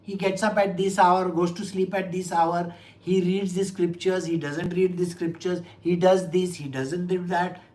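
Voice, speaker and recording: A man, a spiritual teacher giving an animated scripture lecture full of rhetorical questions. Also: high-pitched, a little slow, low-quality recording.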